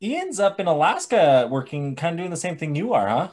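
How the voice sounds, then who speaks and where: Lively-voiced man hosting a podcast. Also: a little high, a little fast. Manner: teasing, asks questions, laughs often. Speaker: podcast host. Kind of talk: casual chat.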